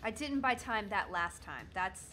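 A woman in her thirties doing jokey, excitable commentary while she plays a video game. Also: medium pitch, unhurried, background noise. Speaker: gaming streamer. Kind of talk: let's play commentary.

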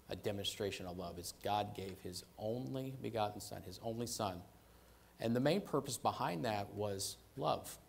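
A man's voice: fairly low pitch, creaky, a little hiss or hum. A man preaching a sermon in a conversational way, stressing and repeating key phrases and often checking in with "right?" and "okay?".

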